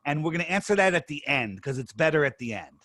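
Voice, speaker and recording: A man's voice: fairly high pitch, expressive, bright, forceful tone. A middle-aged man from the United States, a podcast guest telling his story in a casual, emphatic way. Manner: emphatic, storytelling, quick bursts. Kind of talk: casual interview talk.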